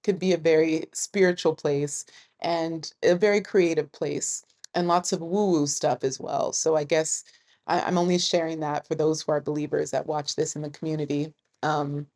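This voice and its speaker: A woman with a low, deep-set voice chats to camera about her travels. She talks casually, laughing often and telling stories with a lot of energy. She sounds like a vlogger in her thirties. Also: a little fast. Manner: chatty, laughs often, animated storytelling.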